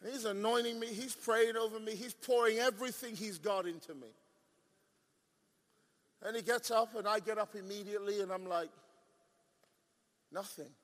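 A man preaching a sermon, telling a story and building up to shouting. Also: high-pitched, fairly even intonation, moderate pace, in a large hall.

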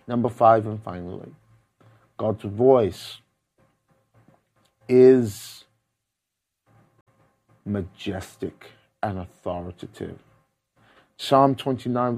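A man preaching a sermon, fervent and emphatic, repeating key words for effect and moving between loud passages and quiet, measured ones. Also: fairly low pitch.

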